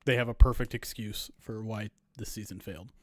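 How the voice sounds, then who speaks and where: A man co-hosting a sports podcast, talking in a measured, thoughtful way. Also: on the low side, steady tone, dry recording, clean studio sound. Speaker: podcast co-host. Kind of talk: casual sports podcast chat.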